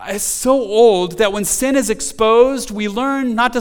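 A man's voice: high voice, normal speed, hardly any pauses, clean tone, long reverb tail. A man preaching a sermon as a pastor, talking conversationally with frequent restarts and rising to emphatic quotes.

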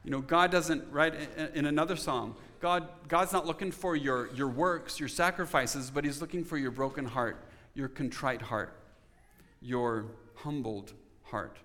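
A man's voice: a little high, unhurried, a bit bright, big-room sound. A man preaching a sermon in an earnest, conversational way, now and then putting questions to his congregation. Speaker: pastor.

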